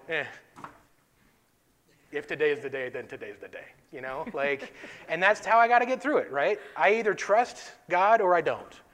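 A man from North Dakota co-hosting a faith-based talk, telling a story with lively voice play and frequent laughs. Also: on the high side. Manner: animated storyteller, laughs often. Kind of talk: faith-based podcast chat.

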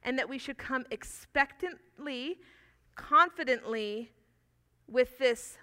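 A woman pastor preaching a sermon, earnest and animated, telling stories and asking the congregation questions. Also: on the high side, takes it slowly.

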